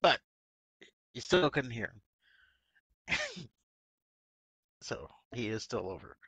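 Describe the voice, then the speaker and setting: A man talks through last night's wrestling show in a loose, chatty way, breaking into laughter now and then. His voice has a bright, forward edge, and his pitch is middling for a man. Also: slow, breathy edge, no echo. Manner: laughs often, recaps events in a relaxed storytelling way. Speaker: podcast co-host. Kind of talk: casual wrestling recap chat.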